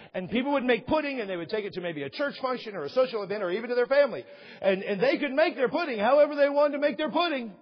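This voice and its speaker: A man's voice: very high-pitched, slightly rough. A man preaching a sermon emphatically, repeating key phrases for weight, with an aside now and then. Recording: long reverb, dull lo-fi sound.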